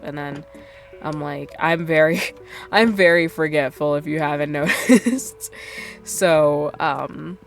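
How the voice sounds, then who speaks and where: A woman with a low, creaky voice streams a game and chats casually as she plays. She rambles, using lots of fillers and making self-deprecating asides.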